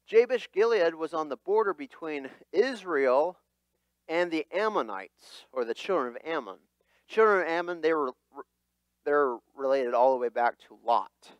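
A male pastor preaching to his church with an animated, expressive delivery. His voice is fairly high for a man and swings widely in pitch. He speaks slowly, and the sound is dry and close. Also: dry recording. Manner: animated, dramatic voicing of quotes. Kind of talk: sermon.

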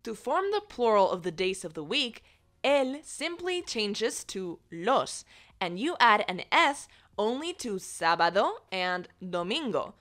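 A woman teaching a beginner language lesson in a clear, patient, scripted voice, carefully enunciating each word. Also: medium pitch, sing-song, unhurried, fairly bright tone, soft background music.

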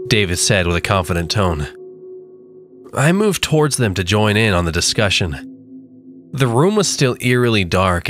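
A man narrating a creepy story with slow, dramatic delivery. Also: lowish voice, fairly bright tone. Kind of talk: scripted horror narration.

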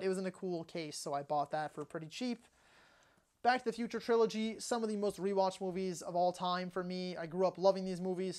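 A man's voice: high-pitched, smooth. Enthusiastic young man reviewing his movies. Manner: enthusiastic, opinionated, quick asides. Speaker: movie collection vlogger. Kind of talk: casual home video walkthrough.

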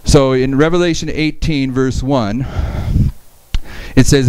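A man's voice: mid-range voice, slow pace, a little mellow, clear, resonant tone, no room sound, rough recording. A man giving a Bible study lecture, reading verses aloud and explaining them with frequent restarts.

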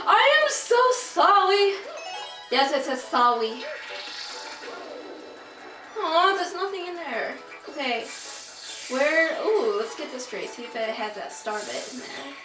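A young woman doing casual, excitable commentary over her own gameplay, swearing and rambling. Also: fairly high pitch, a little slow, pauses often, recorded from a distance. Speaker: let's play gamer. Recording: roomy, off-mic, with game music. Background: video game music.

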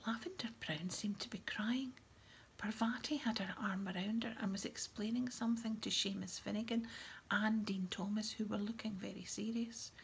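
A woman reading a novel aloud in a soft, half-whispered manner. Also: mid-range voice, creaky, a little hiss or hum. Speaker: audiobook reader.

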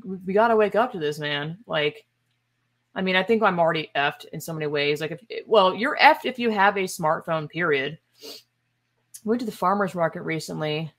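This female podcaster speaks in a lowish, slightly bright voice during a casual commentary monologue. Exasperated and sarcastic, she makes emphatic, opinionated points punctuated by scoffing asides.

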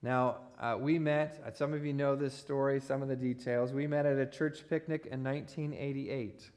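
Guy in his 40s preaching in a church, jokey storytelling, laughs at his own lines, mid-pitch voice. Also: fairly even intonation, moderate pace, darkish tone. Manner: storytelling with self-deprecating humor, laughing at own jokes. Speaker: pastor. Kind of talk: sermon. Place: church sanctuary.

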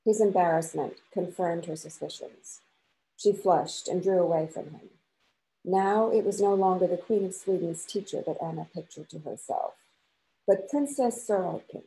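A woman, an author and professor, reading a novel aloud to a class in a measured, expressive way. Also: on the low side, low-quality recording.

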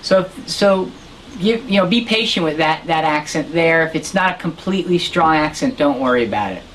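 A woman's voice: deep voice, lively intonation, normal speed, a little hiss or hum. A woman teaching harmonica in an online lesson, patiently explaining and counting beats aloud.

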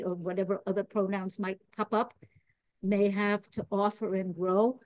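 A woman's voice: mid-range voice, a little mellow, no room sound. A woman from New York, a podcast guest, talking in a chatty, digressive way, laughing at herself and earnest about spiritual growth. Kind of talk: casual chat.

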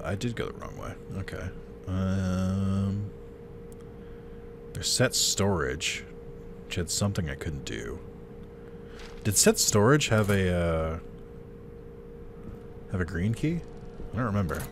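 A man with a deep, low-pitched voice talks through a game in casual let's-play style. His delivery swings widely up and down as he chats, laughs and swears at the action. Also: animated, a little slow, long pauses, noisy background. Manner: chatty, swears freely, laughs at his own jokes. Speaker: gameplay commentator.

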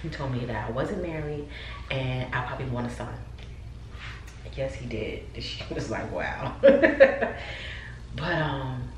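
A woman's voice: very deep voice, normal speed. Woman vlogging at home, chatty, talks right to the viewers, echoey room, mic kinda far off. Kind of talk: casual chat to viewers. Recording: roomy echo, mic at a distance, faint background noise.

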